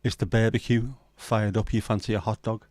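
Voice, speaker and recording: A man's voice: on the low side, little pitch movement, brisk, darkish tone, no echo. A man from northern England hosting a casual livestream chat, rambling with sweary banter. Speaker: livestream host.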